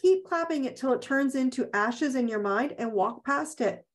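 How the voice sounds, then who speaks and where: A woman's voice: high voice, normal speed. A woman hosting a live online self-help session, talking bluntly and emphatically and repeating her key phrases. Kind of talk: live motivational coaching talk. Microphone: video call.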